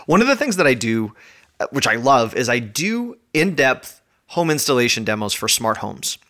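A man hosting his own podcast from home, talking in a chatty, energetic, self-mocking way while a little out of breath. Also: medium pitch, normal speed. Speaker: podcast host. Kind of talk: casual podcast monologue.

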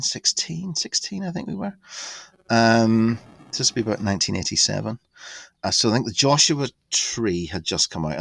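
A man in his fifties tells a story as a podcast guest, in a lowish voice with a dry, close sound. He talks in an animated, rambling way, swears freely and stops often to restart his sentences. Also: dry recording. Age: 50s. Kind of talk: casual storytelling anecdote.

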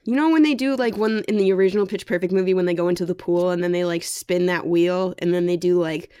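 A woman's voice: on the low side, quick pace, warm tone, clear, resonant tone, dry recording, studio quality. A young woman hosting a podcast, steering the casual chat along.

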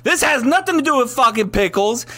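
Brief: high-pitched male co-host, sharp tone, combative, foul-mouthed. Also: animated, fairly quick. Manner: heated, combative, heavy cursing. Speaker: podcast co-host. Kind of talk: casual chat.

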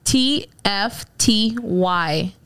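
A young woman in casual chat, giving hesitant, halting hints in a word game with many pauses and fillers. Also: medium pitch, lively intonation, fairly bright tone, clean tone.

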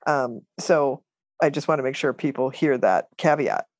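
A woman's voice: rumbling low, moderate pace, no room sound, studio quality. A woman telling a story as a guest in an interview, laughing often and acting out what people said. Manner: animated, laughs often, acts out quotes.

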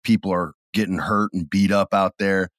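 A middle-aged man co-hosting a podcast, chatting casually and acting out his stories with sudden loud bursts. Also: low-pitched, normal speed, no room sound, clean studio sound. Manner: animated storyteller, acts out scenes with sudden loud bursts. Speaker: podcast co-host. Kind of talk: casual chat.

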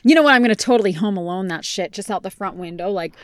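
A woman in her forties co-hosting a podcast from a car, blunt, profane and quick to laugh. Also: mid-range voice, lively intonation. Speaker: podcast co-host. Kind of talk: casual chat. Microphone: podcast microphone.

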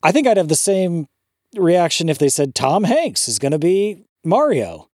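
A man's voice: high voice, very animated, moderate pace, a little mellow, dry recording, clean studio sound. A man co-hosting a podcast in casual chat, ranting with disbelief and swearing freely. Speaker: podcast co-host.

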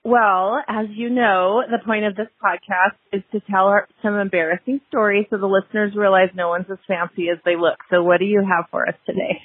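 A woman's voice: medium pitch, steady tone, no room sound. A woman hosting a podcast, chatting casually with upbeat reactions. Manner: upbeat, quick affirmations and laughter. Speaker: podcast host. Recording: tinny, phone-like remote audio.

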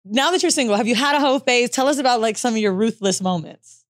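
A woman's voice: a little high, lively intonation, fast, no room sound, clean studio sound. A woman co-hosting a podcast in casual chat, telling stories candidly and laughing often. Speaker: podcast co-host.

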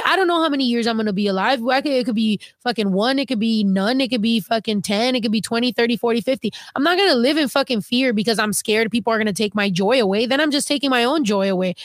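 A woman's voice: on the high side, dry recording, studio quality. A young woman co-hosting a livestream, talking bluntly and casually with lots of swearing. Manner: blunt, profane, animated. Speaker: livestream co-host.

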